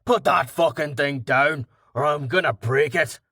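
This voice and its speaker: A man voicing a big, gruff, crude brawler in an audiobook, talking with casual swagger. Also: on the high side, a little slow, pushed and bright, dry recording, studio quality, heavily acted.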